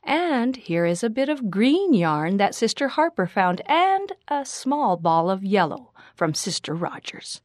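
A woman reading the part of a kind pioneer father in a storybook, gentle and reassuring. The voice stays close to the reader's own. The sound is dry and close to the mic. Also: medium pitch, big pitch swings, measured pace, few pauses, no echo.

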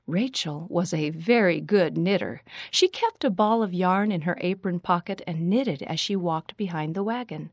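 A woman reading a children's story aloud in a clear, measured, expressive way. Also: on the low side, no room sound. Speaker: story reader.

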